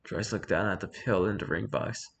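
A man narrating a story in a calm, measured reading. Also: low-pitched, gravelly, a little hiss or hum.

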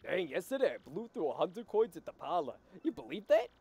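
A man's voice: high voice, very animated, a little fast, darkish tone, husky, faint music behind, full character voice. A man voicing a brash, cocky young gambler who has lost his money. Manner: brash, boastful.

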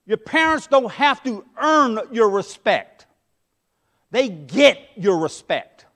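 A middle-aged man preaching a sermon as pastor, impassioned, swinging between loud emphasis and hushed asides. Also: high voice, big pitch swings, takes it slowly.

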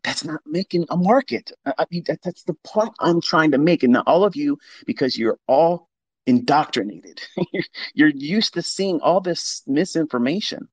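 Hosting an audio space online, this trading educator speaks bluntly and profanely in a casual monologue, ridiculing the skeptics he quotes. His voice is a little high and slightly rough, animated, at a moderate pace, on a low-quality recording.

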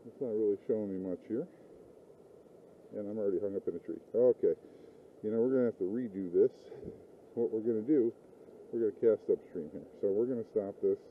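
A man's voice: lowish voice, fairly quick, pauses often, a little hiss or hum. Man narrating fishing over tinny audio. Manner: rambling, swears when upset. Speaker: fishing vlogger. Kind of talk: casual outdoor narration. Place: outdoors by a river.

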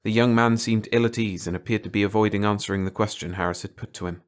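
A man narrating a science fiction short story in a measured, steady storytelling voice. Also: fairly low pitch. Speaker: audiobook narrator. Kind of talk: scripted narration.

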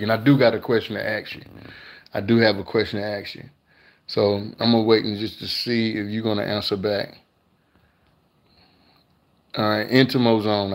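An older man hosting a casual live cooking stream, chatting with viewers and reading their comments aloud in a laid-back, slangy way. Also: on the low side. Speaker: cooking channel host.

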